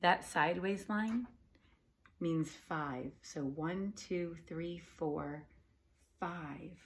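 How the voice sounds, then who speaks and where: A woman teacher talks slowly and patiently to young children, clapping and tapping out syllables in a slightly low voice. She now and then drops to a soft whisper. Faint room noise sits under the recording. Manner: slow, patient and encouraging, claps and taps out syllables.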